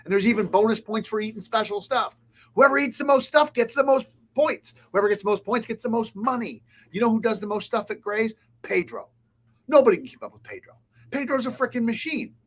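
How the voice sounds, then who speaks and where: A man's voice: sits high, lively intonation, fairly quick. Blunt, emphatic man talking shop. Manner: blunt, emphatic, lists points. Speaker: guest, restaurant consultant. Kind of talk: casual interview talk.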